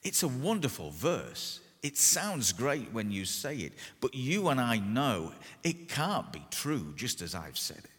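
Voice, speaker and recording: Slow, self-mocking preacher in an echoing hall. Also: male voice, mid-range voice, a bit bright, slightly rough. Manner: humorous, self-deprecating storytelling with deliberate pauses. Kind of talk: sermon. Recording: long hall reverb.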